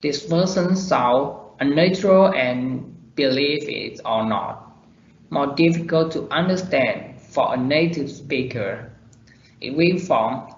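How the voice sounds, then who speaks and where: Slow man presenting in an echoey room. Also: medium pitch. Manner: slow, deliberate reading of examples. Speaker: student presenter. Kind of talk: class presentation on pronunciation. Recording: roomy, dull lo-fi recording.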